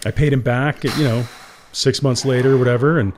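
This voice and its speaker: A man's voice: mid-range voice, fairly even intonation, fairly quick, a little hiss or hum. Middle-aged guy getting emotional telling his business story, laughs a lot. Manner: emotional, heartfelt, laughs often. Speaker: entrepreneur guest. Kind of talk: candid interview storytelling.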